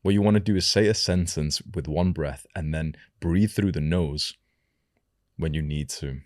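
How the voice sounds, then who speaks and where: Deep-voiced young man giving calm advice. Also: no echo, clean studio sound. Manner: slow, deliberate delivery with lowered sentence endings. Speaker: self-improvement coach. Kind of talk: advice talk to camera.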